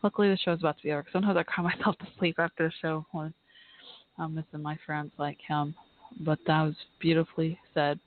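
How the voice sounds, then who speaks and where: A woman's voice: sits low, flat delivery. Earnest woman host on a tinny line. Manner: earnest, heartfelt, halting. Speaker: podcast host. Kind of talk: live podcast talk and reading aloud. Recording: tinny phone-line audio, dry.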